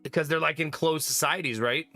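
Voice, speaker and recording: A man chatting casually to his live-stream viewers while gaming, talkative and quick to laugh. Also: a little high, pushed and bright, dry recording, faint music behind. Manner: chatty, laughs often, talks to chat. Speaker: game streamer.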